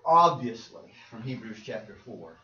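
A man's voice: mid-range voice, animated, a little slow, bright, forceful tone. Man preaching in an echoey hall. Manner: emphatic, repeats words, acts out quotes. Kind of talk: sermon. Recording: roomy, distant, dull with faint noise.

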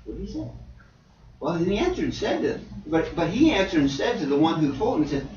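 Animated preacher in an echoey hall. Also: male voice, fairly high pitch, brisk, a little hiss or hum. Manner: animated, swings from loud to near-whisper, conversational asides. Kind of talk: sermon. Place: church hall. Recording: dull, roomy, distant church hall.

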